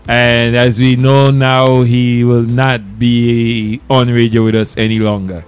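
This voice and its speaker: A man hosting a community radio talk show in a loose, animated, bantering way. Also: medium pitch, takes it slowly, smooth.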